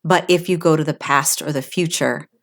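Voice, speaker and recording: A woman's voice: sits low, fairly even intonation, moderate pace, fairly bright tone. A middle-aged woman co-hosting a podcast in casual chat, reflective, often acting out inner thoughts as quoted asides. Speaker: podcast co-host.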